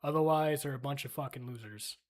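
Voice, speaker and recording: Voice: medium pitch, brisk. A streamer ranting crudely and heatedly in a casual livestream, full of swearing.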